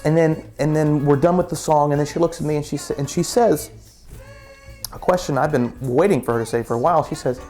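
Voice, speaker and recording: A man's voice: fairly high pitch, brisk, a little mellow, faint music behind. A man telling a story casually, with many restarts and repeated words.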